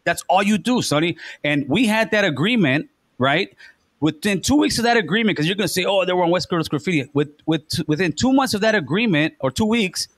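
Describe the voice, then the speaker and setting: A man's voice: high-pitched, a bit bright, no echo. A man hosting a talk show, accusing and profane, repeating himself in a heated argument. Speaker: podcast host. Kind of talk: heated confrontation.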